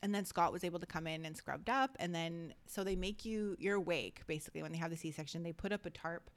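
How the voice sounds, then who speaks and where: A woman in her thirties, a podcast co-host, chatting casually with lots of fillers and lively storytelling. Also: lowish voice, fast talker. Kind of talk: casual chat.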